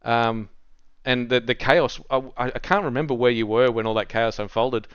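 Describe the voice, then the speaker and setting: A man's voice: medium pitch, steady tone, normal speed, smooth, no echo, highs cut off. A man co-hosting a casual esports race stream, joking and bantering with guests. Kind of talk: casual live-stream commentary chat.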